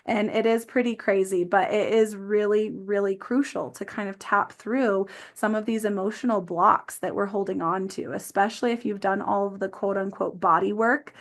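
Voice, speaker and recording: A woman's voice: medium pitch, fairly even intonation, moderate pace, hardly any pauses. A woman physical therapist talking earnestly as a podcast guest, with frequent "um" and "like" fillers. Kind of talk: explanatory interview talk.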